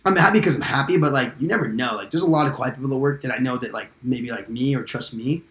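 A man's voice: medium pitch, fast talker, a bit bright, reverberant. A young man in his twenties chatting casually with friends on a podcast, laid-back and slangy, rambling as he talks. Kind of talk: casual chat among friends.

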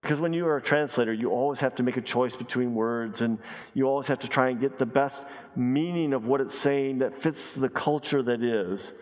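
A man preaching a sermon as pastor, emphatic, repeating key phrases and dropping his voice low and slow to stress a point. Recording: long reverb of a large hall.

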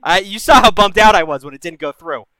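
A man's voice: high-pitched, lively intonation, quick pace, pushed and bright, no echo, rough recording. A man hosting a call-in advice show, giving blunt, profane, bro-style advice to callers. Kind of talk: casual live-stream call-in advice.

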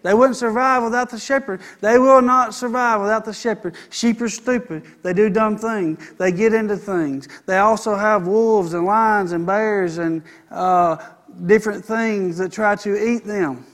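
A man's voice: sits high, steady tone, a little slow, fairly bright tone. A middle-aged man, preaching a sermon and calling out for an amen. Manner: preaching with call-and-response "Amen". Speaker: pastor.

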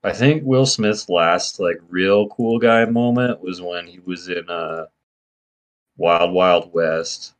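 A man's voice: low voice, slow pace. A man co-hosting a podcast, making blunt, crude offhand remarks. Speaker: podcast co-host. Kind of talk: casual chat.

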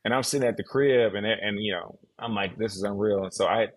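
A man in his thirties, a guest on a podcast, telling a casual and animated story about his football career. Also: lowish voice, brisk, a little hiss or hum. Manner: animated, mimics others' voices in his stories.

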